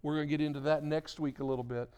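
A man preaching a church sermon as pastor. He swings between loud, emphatic exhortation and soft, hushed prayer, repeating words and restarting mid-phrase. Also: on the high side, steady tone, very fast, clean tone.

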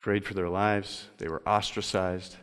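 A male pastor delivering a sermon, moving between loud emphatic stretches and slow, quiet reading. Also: low-pitched, fairly even intonation, clean tone. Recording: long reverb of a large hall.

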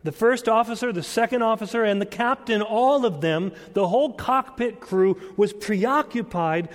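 A man preaching a sermon as pastor, telling a story deliberately and pressing his point with earnest emphasis. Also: sits high. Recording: long church-hall reverb.

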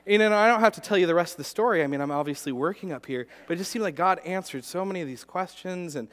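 A man's voice: high voice, fast, fairly bright tone. A male pastor telling a personal story in a sermon, earnest, with frequent restarts and repeated words. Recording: long hall reverb.

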